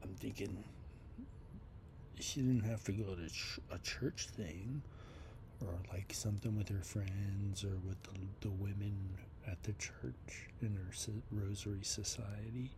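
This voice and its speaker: A man in his fifties leaving a slow, rambling, upset voice message from a basement, often dropping to a whisper. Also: fairly low pitch, background noise. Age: 50s. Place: basement of a house.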